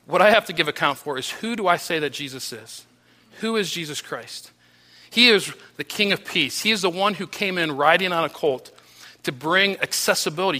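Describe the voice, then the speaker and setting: Pastor mid-sermon, man, high and very bright voice, earnest, with soft low drops on key lines. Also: animated, normal speed. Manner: earnest preaching with restarts, voice dropping low and soft on key phrases.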